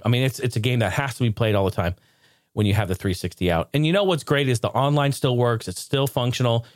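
A man hosting a casual live stream, excitable and ranting one moment, joking the next. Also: mid-range voice, dry recording, studio quality. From United States. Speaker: streamer and show host.

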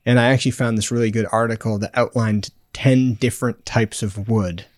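A man co-hosting a podcast, laid-back and rambling in casual chat, trailing off softly at the end of his phrases. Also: fairly low pitch, steady tone, brisk, no echo, studio quality. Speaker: podcast co-host.

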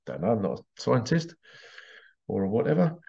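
A man's voice: on the low side, very animated, normal speed, vocal fry, dark tone, highs cut off. A man hosting a podcast in a casual, rambling monologue, digressing often and dropping in playful vocal sound effects. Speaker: podcast host.

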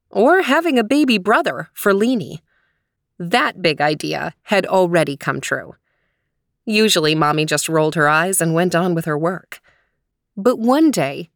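A woman host narrating a children's story in a gentle, expressive voice. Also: on the low side, no echo, clean studio sound.

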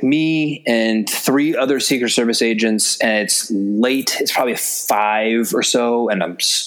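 A man's voice: lowish voice, a bit bright. Laid-back man telling stories. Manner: loose and chatty, many fillers and frequent swearing. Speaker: podcast guest, former special agent. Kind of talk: casual storytelling.

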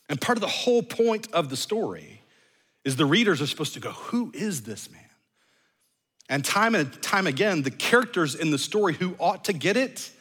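A pastor preaches an earnest sermon, rising to loud emphasis and then dropping into hushed, low phrases. He often repeats words as he thinks aloud.

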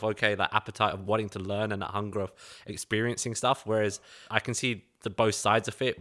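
Bright-voiced Cockney man. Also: lowish voice. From East London, England. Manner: chatty, storytelling, laughs easily. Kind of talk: casual conversation.

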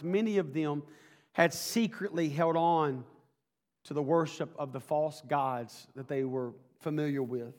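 Man, pastor, sermon, high voice, folksy then fervent, long church reverb. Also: fairly even intonation, unhurried, a little mellow. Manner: folksy, builds to fervent preaching.

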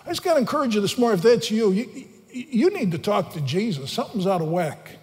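A man preaching a sermon as a pastor, earnest and pressing, climbing higher and louder on the points he stresses. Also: big pitch swings, fairly quick. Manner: earnest, rising in pitch and force for emphasis. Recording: long hall reverb, faint music.

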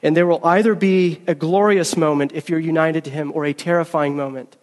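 A man's voice: on the high side, steady tone, fairly quick, in a large hall. A man preaching a sermon as pastor, emphatic and earnest, mixing teaching with storytelling.

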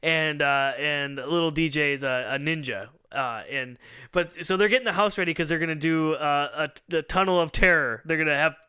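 Male podcast host, rambling storyteller, bright and crisp tone, slightly high voice. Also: moderate pace. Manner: rambling storyteller who acts out quoted lines, laughs often. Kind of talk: casual chat.

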